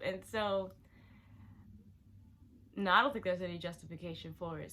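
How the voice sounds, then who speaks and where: A young woman vlogger reads viewer confessions aloud in a casual, chatty way, animated and full of exclamations, swinging between sudden loud outbursts and quiet asides. Her voice sits lowish, she talks at a normal speed, and she pauses often.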